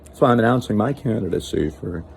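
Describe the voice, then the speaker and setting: Lively rambling man doing comic monologue. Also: fairly low pitch, fast talker, vocal fry, a little hiss or hum. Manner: rambling, self-interrupting, mock-serious. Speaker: comedian host. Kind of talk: comedic political monologue.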